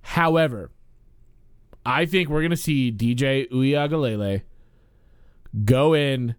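A man co-hosting a sports podcast, talking in an animated, casual way and swearing freely. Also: medium pitch, slow pace, clear, resonant tone, dry recording, clean studio sound. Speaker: podcast co-host.

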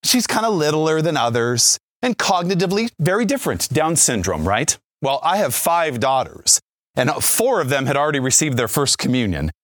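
A man in his forties tells a faith story to listeners, his fairly high voice rising and dipping with lively energy. He acts out the lines of the people in his tale and keeps checking in with "right?". The sound is close and dry, with no room around it. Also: moderate pace, dry recording. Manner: animated storyteller, acts out quotes, frequent "right?". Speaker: Catholic speaker, former youth minister.

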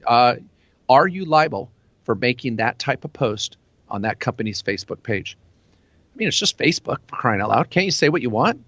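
A man hosting a talk-radio show about tax and law, chatting in a loose, animated way full of "uh"s and restarts. His voice sits at an ordinary pitch. The sound is dry and a little dull, as from a studio mic. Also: dry recording. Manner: animated, rambling with fillers and restarts.

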